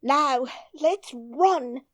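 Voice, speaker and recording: A woman's voice: high-pitched, drawn-out words, pitched above the performer's own voice. Woman doing a fretful scolding nursemaid. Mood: indignant. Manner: scolding, indignant, teary.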